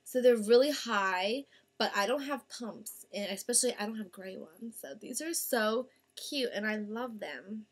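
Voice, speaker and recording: A young woman with a slightly high voice talks chattily about her purchases, gushing and drawing out her words. Her casual vlog tone stays bubbly. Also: unhurried, breathy edge. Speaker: vlogger. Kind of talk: casual haul video chat.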